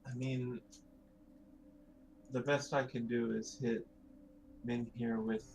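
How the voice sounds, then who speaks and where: A man's voice: mid-range voice, flat delivery, slow, creaky, a little mellow, a little hiss or hum. A man playing in a tabletop game, talking over his options with some hesitation. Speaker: player. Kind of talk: casual table talk.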